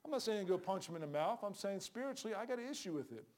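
A middle-aged male street preacher with a high voice. He preaches with fervor, calls out for amens and acts out the people he meets on the street. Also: lively intonation, fast talker. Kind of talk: sermon.

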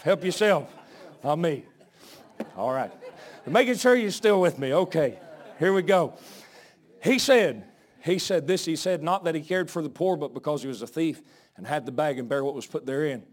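A male pastor preaching a sermon, out of breath, swinging from folksy asides to shouted peaks. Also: fairly high pitch. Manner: folksy, joking asides to the congregation.

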